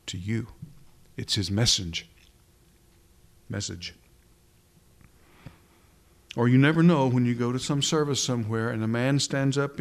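A man preaching a sermon into a pulpit microphone, slowing down for emphasis and sometimes dropping to a hush. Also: mid-range voice. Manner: dramatic preaching, slows down for emphasis, drops to a whisper at times.

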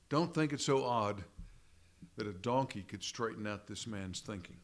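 In a lowish voice, a pastor works through a deliberate, slow-paced sermon. He leans on repeated phrases for emphasis and speaks to the congregation as brethren.

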